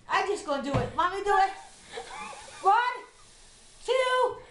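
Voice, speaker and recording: A middle-aged woman taking on a food challenge in a casual home vlog, loud, excitable, laughing and swearing. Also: very high-pitched, a little fast, background noise. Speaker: vlogger doing a food challenge. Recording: echoey room.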